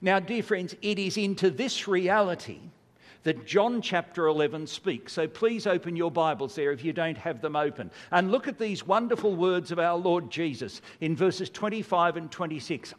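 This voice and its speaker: A man's voice: fairly high pitch, lively intonation, moderate pace. An older man preaching a sermon, earnest and building to emphatic rhetorical questions. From Australia. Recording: long hall reverb.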